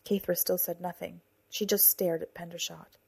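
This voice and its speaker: A woman in her thirties narrating a story for her podcast, calm and measured. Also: on the low side, gravelly, breathy edge. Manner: calm, soft-spoken and measured. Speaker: author and narrator of a fiction podcast.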